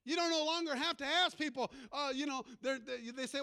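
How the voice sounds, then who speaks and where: A man's voice: extremely high pitch, fairly quick, bright, forceful tone. A man who is a pastor, preaching a sermon in a folksy storytelling way and calling out to the congregation.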